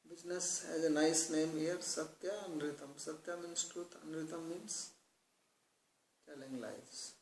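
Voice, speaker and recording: Gravelly man giving a scripture talk. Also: fairly high pitch, fairly even intonation, a little mellow, slight background noise. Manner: explains terms slowly, then tells joking anecdotes. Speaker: spiritual teacher. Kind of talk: scripture discourse with humorous stories. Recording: echoey room.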